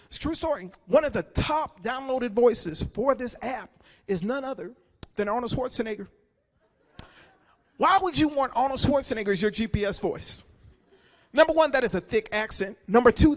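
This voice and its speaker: A man's voice: very high voice, a bit bright. A man doing a live stand-up set at a gala, casual and chatty, repeating words as he goes. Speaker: stand-up comedian. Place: gala banquet hall with an audience.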